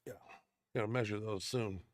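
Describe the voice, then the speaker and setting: A man's voice: lowish voice, steady tone, moderate pace, a little hiss or hum. A man hosting a powerlifting show, bantering casually with dry, teasing humor.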